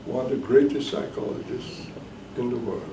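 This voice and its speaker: A man giving a classroom lecture as the professor leading a course, talking deliberately and emphatically and repeating his key points. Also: medium pitch, noisy background. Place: bookstore cafe classroom. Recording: echoey room, mic at a distance.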